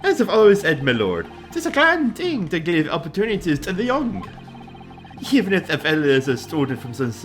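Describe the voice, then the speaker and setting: A pompous, wealthy gentleman with an Irish accent, voiced by a man in a raised, flowery tone. His delivery swings widely in pitch, with faint game music behind. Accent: put-on Irish. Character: pompous wealthy male gentleman, self-praising.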